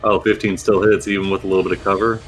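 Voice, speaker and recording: A man narrating as game master of a tabletop role-playing game, in a relaxed, chatty way. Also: deep voice, very fast, faint music behind.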